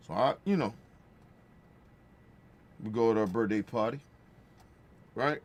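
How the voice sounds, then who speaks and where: A man's voice: medium pitch, big pitch swings, normal speed, pauses often. A man telling a casual, profane family story, checking in with the listener by often asking "right?". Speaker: podcast host.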